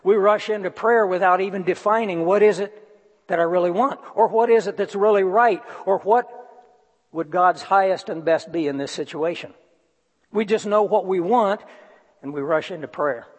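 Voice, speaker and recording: A man preaching a sermon, speaking slowly with deliberate emphasis and reading passages aloud. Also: sits high. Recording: long reverb of a large hall.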